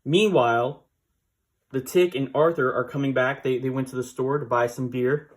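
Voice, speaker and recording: A man's voice: medium pitch, steady tone, moderate pace. A man casually recapping a comic book issue, rambling with fillers and small laughs.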